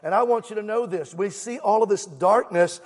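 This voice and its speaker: A man's voice: high-pitched, moderate pace. A man preaching a fervent sermon as a guest evangelist, exhorting the congregation and calling for them to answer back. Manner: fervent, exhorting, calls for crowd response. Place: church sanctuary. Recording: long church hall reverb.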